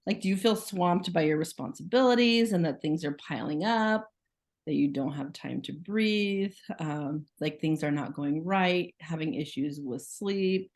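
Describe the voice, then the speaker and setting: A woman with a slightly low voice presents casually over a video call, sounding like a school social worker. She talks in a loose, chatty way, full of "like" fillers, and keeps putting questions to her listeners. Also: a little slow, a little mellow. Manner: chatty, many "like" fillers, asks the audience questions. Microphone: video call microphone.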